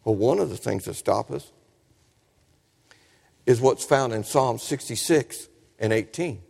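Folksy preacher, lively voice. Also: male voice, medium pitch, measured pace, vocal fry. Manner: folksy storytelling preaching, asks the congregation questions. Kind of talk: sermon. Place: church sanctuary. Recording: reverberant church hall.

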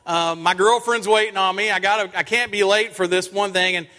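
A middle-aged man preaching a sermon in a church, an animated storyteller who acts out his own lines in stories. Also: high-pitched, a little fast. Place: church sanctuary. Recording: long church hall reverb.

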